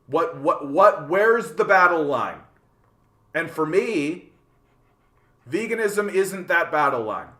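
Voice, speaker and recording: A man hosts a casual livestream and rants at his chat in an animated, profane way. His voice is bright and forceful, and he often repeats words while he works out his point. The sound is roomy, with echo from the space around him. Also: fairly high pitch, takes it slowly, pauses often. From Canada. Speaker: livestream host reading chat.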